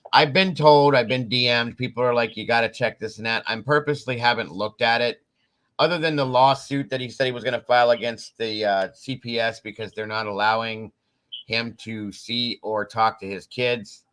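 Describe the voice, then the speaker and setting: A man hosting a casual live-stream chat, relaxed and rambling, often pausing on "um" and laughing. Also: medium pitch, poor audio. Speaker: host.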